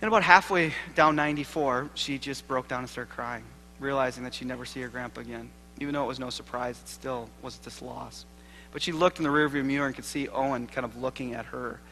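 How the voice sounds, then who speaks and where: Earnest, bright-voiced male keynote speaker. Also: medium pitch, fairly even intonation, fairly quick, slight background noise, rough recording. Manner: earnest, swings from loud emphasis to hushed intimacy. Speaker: seminary professor giving a keynote. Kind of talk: keynote address with storytelling and closing prayer. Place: lecture hall at a church convocation.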